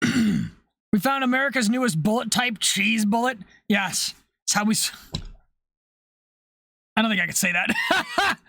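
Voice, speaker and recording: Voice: mid-range voice, sing-song, unhurried, creaky, long pauses, pushed and bright, dry recording. A live streamer chatting casually while building LEGO, reacting to chat messages, laughing often and swearing freely.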